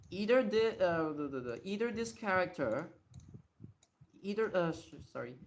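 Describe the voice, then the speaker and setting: On a casual live Q&A about Japanese readings, a man with a voice on the high side thinks aloud, repeating and restarting words to hear how they sound. There's slight background noise.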